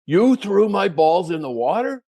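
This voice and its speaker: A man putting on the voice of a big, rough, intimidating man who barks at people. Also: high voice, lively intonation, moderate pace, no echo, studio quality, pitched above the performer's own voice, exaggerated voice. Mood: barking. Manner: barking, loud shouts.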